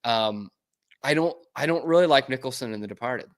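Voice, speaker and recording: A young man from the Boston area with a mostly suppressed Boston accent, hosting a sports talk show in animated, opinionated casual chat. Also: medium pitch, brisk. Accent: mild Boston, mostly suppressed. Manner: animated, opinionated, lots of fillers.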